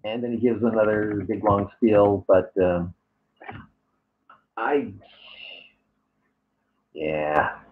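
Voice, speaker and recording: A man's voice: fairly low pitch, very slow, long pauses. Sarcastic man on a tinny line. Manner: sarcastic, hesitant with many fillers. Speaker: YouTuber. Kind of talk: reading and answering comments. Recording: tinny phone-like audio.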